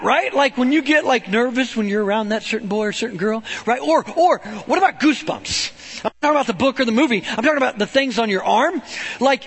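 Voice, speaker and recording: Guy preaching, really high voice kinda husky, chatty storytelling, keeps going "right?". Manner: animated, conversational, keeps asking "right?". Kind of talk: storytelling sermon.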